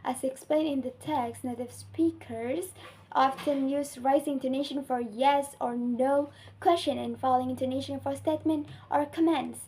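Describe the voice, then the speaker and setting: A woman's voice: high voice, fairly even intonation, moderate pace, warm tone, a little hiss or hum, rough recording. Young Indonesian woman reading her coursework. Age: young adult. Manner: careful, earnest reading with small slips. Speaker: student. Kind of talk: reading a class assignment.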